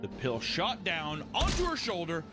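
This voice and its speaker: A man's voice: a little high, wildly swooping pitch, measured pace. A man reading a ghost story aloud with chatty asides, in storytelling manner. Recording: music playing behind.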